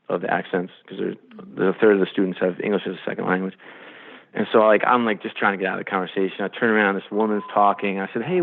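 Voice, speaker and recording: Gravelly low guy telling stories on a podcast, sounds like a phone call. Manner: animated storyteller, acts out quotes. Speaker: sports executive guest. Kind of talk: storytelling in a podcast interview. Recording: phone-line quality.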